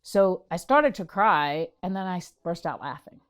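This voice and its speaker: Guest voice: middle-aged woman, low pitch, animated storyteller who acts out quotes. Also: normal speed, smooth. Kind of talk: interview storytelling.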